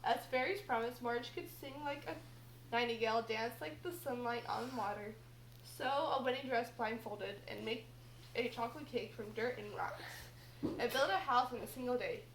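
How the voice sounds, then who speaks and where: A woman's voice: a little high, moderate pace, slight background noise, poor audio. A girl reading a silly picture book aloud at home, playful and stumbling over hard words, with chatty asides. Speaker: reader.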